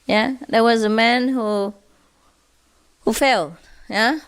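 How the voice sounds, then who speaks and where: A woman's voice: fairly high pitch, steady tone, slow, clean tone. A woman spiritual teacher telling humorous stories to a group, playful and often laughing. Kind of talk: humorous storytelling lecture.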